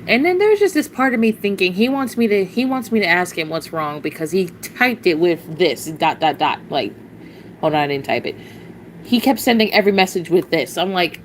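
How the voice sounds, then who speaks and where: A woman with a lowish voice vents on a casual livestream, blunt, exasperated and full of curses. She rambles with sighs and short laughs, and faint noise hums behind her. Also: lively intonation, brisk, poor audio.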